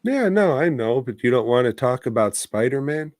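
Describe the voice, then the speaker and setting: A man's voice: medium pitch, sing-song, moderate pace, a little mellow, no room sound, studio quality. A man co-hosting a casual movie review podcast, teasing his co-host and swearing freely. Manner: profane, teasing, drawling.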